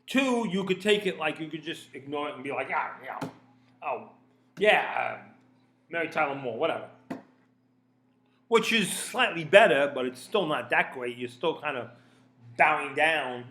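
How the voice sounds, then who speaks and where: A man's voice: a little high, sharp tone. A man giving a casual opinion rant, rambling and profane, often stammering and repeating words. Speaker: commentator.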